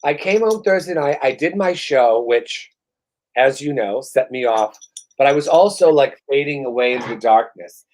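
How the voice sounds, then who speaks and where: A man's voice: medium pitch, animated, moderate pace, a little mellow, rough recording. A middle-aged man co-hosting a podcast, ranting in a casual, profane and exasperated way while worn out after a shot. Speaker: podcast co-host. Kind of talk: casual chat.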